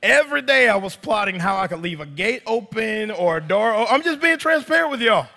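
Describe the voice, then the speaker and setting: Animated preacher man in a reverberant hall. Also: high-pitched, fairly quick, gravelly. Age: 30s. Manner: animated storytelling with quoted voices, addresses congregation as y'all. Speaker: pastor. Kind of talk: sermon. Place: church.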